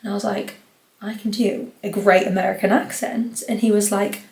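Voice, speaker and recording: A woman's voice: medium pitch, fast. Chatty young woman rambling. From North East England. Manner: rambling, chatty, lots of "like" fillers. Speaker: podcast host. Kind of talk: casual solo podcast chat. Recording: roomy echo.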